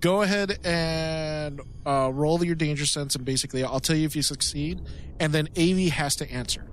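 A man's voice: fairly high pitch, moderate pace, a little hiss or hum. Man game master explaining rules.

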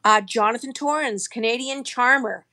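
A woman's voice: a little high, moderate pace, bright, forceful tone. A woman introducing guests at the start of a show, upbeat. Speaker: host.

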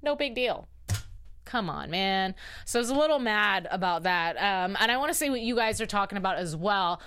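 A woman's voice: mid-range voice, lively intonation, fairly quick, fairly bright tone, clean tone. A woman hosting a casual live recap of a TV episode, chatty and emphatic as she reacts openly to the story. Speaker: TV show recap host.

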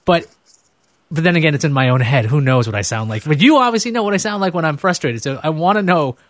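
A man's voice: on the high side, animated, quick pace, dry recording, studio quality. A man hosting a podcast, talking candidly and with self-deprecating humor in casual conversation. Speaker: podcast host.

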